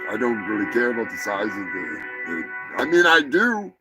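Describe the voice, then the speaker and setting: A man's voice: lowish voice, big pitch swings, normal speed, over music, rough recording. A man hosting a casual live comedy show, talking in a profane, rambling, offhand way. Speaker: host.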